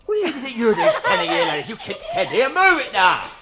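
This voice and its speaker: An actor playing a bullying army drill sergeant who barks sarcastic orders. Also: male voice, very high-pitched, wildly swooping pitch, fairly quick, heavy background noise, exaggerated voice. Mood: barking orders. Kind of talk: television drama acting.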